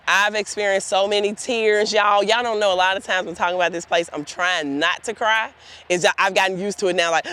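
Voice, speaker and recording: A woman's voice: medium pitch, steady tone, fairly quick, fairly bright tone. A woman giving a guided tour outdoors in a cemetery, telling heartfelt stories straight to her group of volunteers. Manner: earnest, heartfelt storytelling addressing the group directly.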